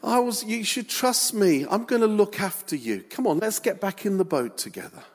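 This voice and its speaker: A man doing a soft, tender, reassuring teacher. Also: sits high, expressive, moderate pace, in a large hall, voice pushed up. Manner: soft, hushed, coaxing. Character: gentle, tender male teacher, kindly and reassuring.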